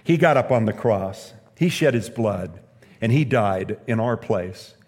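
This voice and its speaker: A man's voice: on the low side, lively intonation, unhurried, a little mellow, husky, long reverb tail. A male pastor preaching a sermon, telling a story earnestly and hammering points home with repeated phrases.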